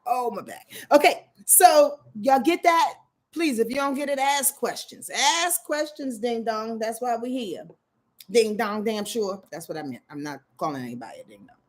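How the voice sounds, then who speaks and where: A woman hosting a casual astrology livestream. She talks in a slangy, animated way, laughs often, clears her throat, and mentions a sore back. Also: on the high side, moderate pace. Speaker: astrology channel host.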